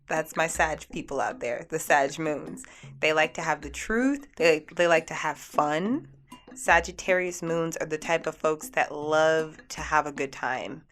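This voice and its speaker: Low-voiced chatty woman radio host. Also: a little slow, fairly bright tone, soft background music. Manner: chatty, upbeat, full of "like" and restarts. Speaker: radio show host and energy healer. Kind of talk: casual talk radio monologue.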